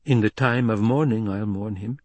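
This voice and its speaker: A man voicing a proud, anxious young desert widow in a storybook reading, pitched above his own voice. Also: moderate pace, darkish tone, no room sound, natural voice. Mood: wary.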